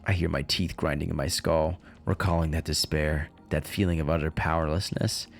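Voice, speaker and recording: A man's voice: very deep voice, fairly even intonation, moderate pace, gravelly, faint music behind, pitched below the performer's own voice. A man reading the lines of a young self-styled mad scientist, delivered dramatically and with anguish. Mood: brooding. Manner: dramatic, rising to yelling in anguish. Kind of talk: reading visual novel lines aloud.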